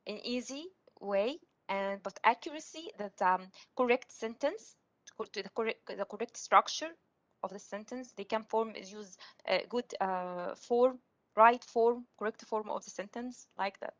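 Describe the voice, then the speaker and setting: A woman's voice: medium pitch, moderate pace, no echo. Hesitant woman answering in class. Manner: hesitant, searching for words with restarts. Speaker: training participant.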